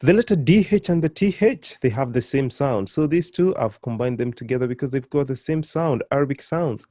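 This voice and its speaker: A man teaching a beginner pronunciation lesson, drilling syllables slowly and encouraging the learner. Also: mid-range voice, lively intonation, mellow, no room sound. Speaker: language teacher.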